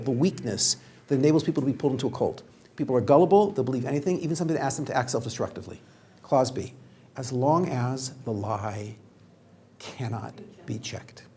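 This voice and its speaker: A man lecturing as a rabbi to students, animated and joking, firing rhetorical questions at the room. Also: mid-range voice. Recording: very echoey room, mic at a distance, faint background hum.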